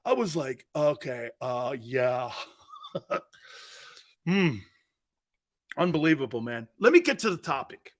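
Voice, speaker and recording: Animated man telling loose sports stories. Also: a little high, slow pace, pauses often. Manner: animated storyteller, acts out quoted voices, laughs often. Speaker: sports talk show host. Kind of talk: casual storytelling monologue.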